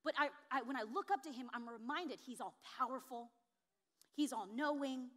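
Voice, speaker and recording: High-voiced woman pastor preaching. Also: brisk. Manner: expressive preaching, builds to emphatic high peaks. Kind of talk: sermon.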